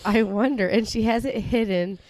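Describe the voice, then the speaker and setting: A woman co-hosting a podcast in casual gossip chat, crude and joking with quick asides. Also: on the high side, darkish tone. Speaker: podcast co-host.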